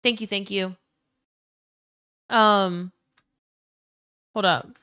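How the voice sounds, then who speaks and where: A young woman talks quickly and loosely on her live stream, greeting chat by name and swearing freely. Her voice sits in a middle range, recorded close and dry at home. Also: mid-range voice, fairly even intonation, sharp tone, clean tone, no echo. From Louisiana. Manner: fast-talking, swears freely, greets chatters. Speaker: livestreamer. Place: home room.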